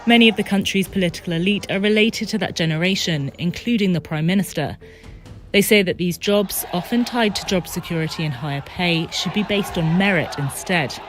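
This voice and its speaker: A reporter gives a measured, formal news report. It is played back from a news clip. The voice sits at a middle pitch. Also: soft background music.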